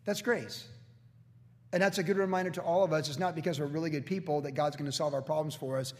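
A man's voice: a little high, fairly even intonation, fast talker, in a large hall. A man preaching a sermon as a pastor, earnest, now and then quoting scripture figures in character. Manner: earnest preaching, slips into acted quotes of biblical figures.

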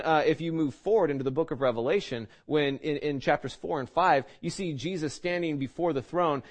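Male preacher, casual teaching sermon, rhetorical questions, slightly high register. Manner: conversational, many restarts and rhetorical questions.

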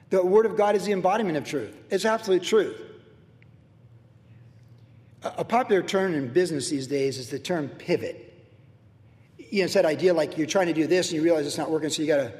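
A middle-aged pastor preaches with an emphatic, swinging delivery, rising loud and dropping to a hush. His voice sits high and moves a lot in pitch. It carries a long reverb, as in a large hall. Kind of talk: sermon.

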